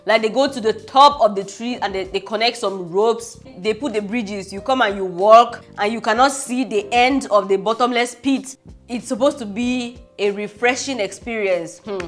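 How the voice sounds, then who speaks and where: A young Cameroonian woman with a Cameroonian accent, telling travel stories in a casual vlog, animated and laughing as she acts out what people said. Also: on the high side, moderate pace. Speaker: travel vlogger. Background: soft background music.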